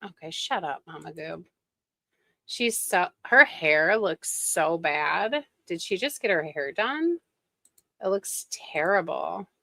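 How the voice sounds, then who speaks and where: Gravelly-voiced snarky woman streamer. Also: lowish voice, expressive, takes it slowly, fairly bright tone, no echo. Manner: snarky, gossipy, mocking. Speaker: reaction streamer. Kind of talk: casual gossip commentary.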